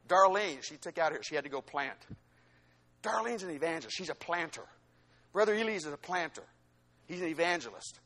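A male pastor preaching a sermon, swinging between loud exhortation and quieter teaching asides. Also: a little high.

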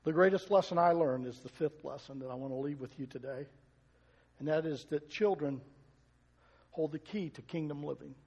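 High-voiced older preacher in a reverberant church. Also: male voice, moderate pace, husky, muffled recording. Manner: storytelling, emphatic with soft asides. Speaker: pastor. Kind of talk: sermon.

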